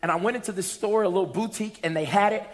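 A man preaching a sermon to a congregation, lively and humorous, rising to shouts at times. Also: sits high, rapid-fire. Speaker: pastor. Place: church sanctuary with congregation. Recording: long reverb of a large hall.

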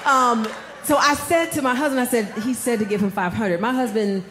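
A woman preaching a sermon, telling a personal story with animated delivery and calling the audience y'all. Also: a little high, a little fast, roomy sound, faint music behind.

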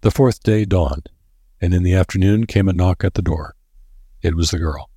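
Deep, husky male audiobook narrator. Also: no echo. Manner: steady, measured reading. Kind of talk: scripted narration. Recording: dry close recording.

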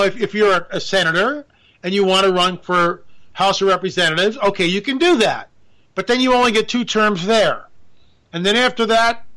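A man's voice: high voice, bright, forceful tone. A man hosting a radio show, riffing through a sarcastic, rambling political monologue with jokey asides.

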